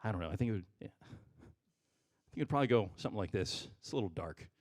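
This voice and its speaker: Lively male stand-up comedian. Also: lowish voice, quick pace, dry recording, clean studio sound. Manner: lively, swings from loud punchlines to muttered asides. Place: live comedy stage. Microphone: stage microphone.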